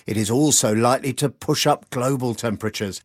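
A man's voice: mid-range voice, brisk, dry recording, studio quality. Man explaining as climate editor. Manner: steady, explanatory reporting. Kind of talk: scripted news report.

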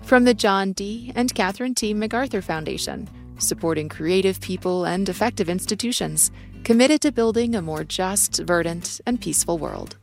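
Gravelly woman reading a funding credit. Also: mid-range voice, lively intonation, soft background music. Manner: measured, formal reading. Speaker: announcer.

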